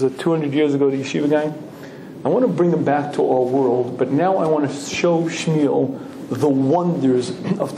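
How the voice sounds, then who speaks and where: A male Torah lecturer telling a lively story, clearing his throat often. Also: mid-range voice, slight background noise. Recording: roomy echoing hall.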